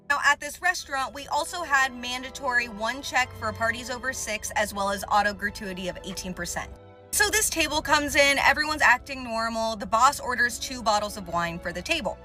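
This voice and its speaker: A woman's voice: fairly high pitch, pushed and bright. A young woman who works as a restaurant server, chatting through a storytime from her parked car. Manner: chatty, explanatory retelling. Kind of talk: casual storytime.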